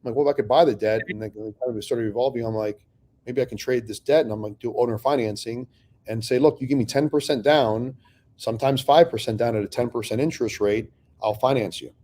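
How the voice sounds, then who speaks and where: Middle-aged man, warm mellow voice, casual storytelling, swears freely, acts out the dialogue. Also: medium pitch, fast talker. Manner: profane, animated storyteller acting out dialogue. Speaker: real estate investor telling his story.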